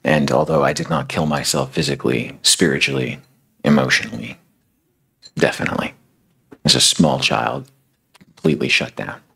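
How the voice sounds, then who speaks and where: A man's voice: rumbling low, steady tone, normal speed, gravelly, pauses often, pushed and bright, a little hiss or hum, low-quality recording. A man giving a sermon as a casual, conversational retelling of a story. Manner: casual, filler-heavy retelling. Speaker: speaker.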